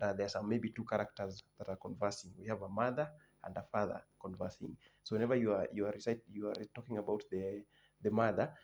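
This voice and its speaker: A man with a lowish voice teaches an exam revision lesson, numbering his points and saying each key term twice. He often restarts sentences with fillers. A steady hiss of background noise sits under the recording. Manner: explains point by point, repeats key terms, many restarts and fillers. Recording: noisy background.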